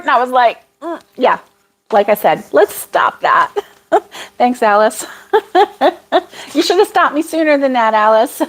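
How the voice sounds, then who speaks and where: A woman's voice: high voice, a bit bright. A woman hosting a casual livestream chat, chatty and apologetic, laughing often as she reads viewer comments. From United States.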